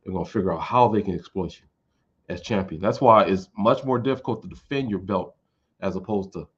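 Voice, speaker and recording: A man's voice: low-pitched, brisk, slightly rough, muffled recording. A man vlogging casual fight commentary in a rambling, informal way with some swearing.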